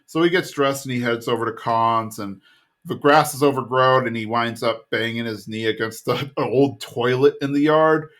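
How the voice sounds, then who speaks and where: A man's voice: medium pitch, fairly bright tone. A man co-hosting a podcast, casually retelling a cartoon episode and briefly mimicking the characters as he goes. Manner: rambling retelling with quick voice impressions. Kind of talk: casual chat.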